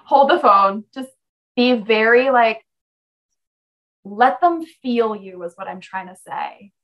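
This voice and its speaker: Young woman coach, direct and emphatic, bit higher voice, pushes you to speak up. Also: animated, slow, muffled recording. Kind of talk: coaching conversation.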